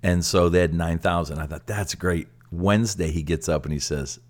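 An older man with a very low, deep voice, chatting on a ministry podcast. He tells his stories with lively excitement, tripping over repeated words as he builds up. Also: normal speed, hardly any pauses. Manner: animated storyteller with stammered restarts. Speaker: ministry director and co-host. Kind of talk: casual podcast chat.

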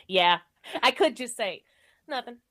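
A woman's voice: lowish voice, sing-song, normal speed, a bit bright. Rambling, laughing woman podcast host. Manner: rambling, laughs often, trails off with fillers. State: recovering from illness. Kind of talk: casual movie chat.

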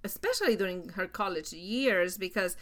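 A woman's voice: mid-range voice, very animated, moderate pace, a bit bright. A middle-aged woman chatting casually as a guest parent on a podcast, often laughing and restarting her sentences. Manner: hesitant, laughing, many restarts.

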